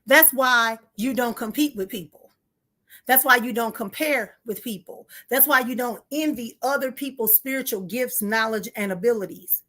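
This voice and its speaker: A woman with a somewhat high voice leads a live spiritual teaching. She talks directly and informally to her listeners, driving home her points by repeating them. She gets heated and quickens her pace as she goes. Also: a bit bright. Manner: emphatic, repeats key phrases.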